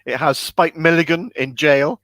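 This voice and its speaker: Hiccuping through an enthusiastic casual chat about films, this man co-hosts a podcast and shouts quoted lines in a high voice. Otherwise his tone stays steady at a normal speed, and the recording is dry.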